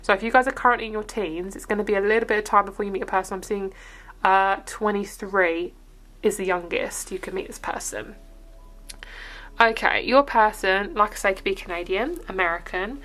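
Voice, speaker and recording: A woman's voice: mid-range voice, a little fast, fairly bright tone. A young woman with an English accent gives a casual, rambling tarot reading to camera in an upbeat, chatty way. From England. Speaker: tarot reader.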